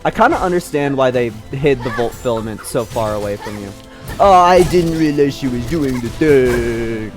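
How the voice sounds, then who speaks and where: A man streaming a game live, swearing and yelling in frustration, mocking himself and laughing often. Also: mid-range voice, animated, moderate pace, music in the background. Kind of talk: live gameplay commentary.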